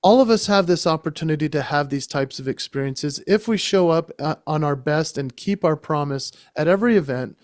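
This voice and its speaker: This entertainer and speaker, appearing as a podcast guest, recounts a story with enthusiasm, speaking casually into a close mic. His voice runs on the high side and a little fast, with hardly any pauses and no echo.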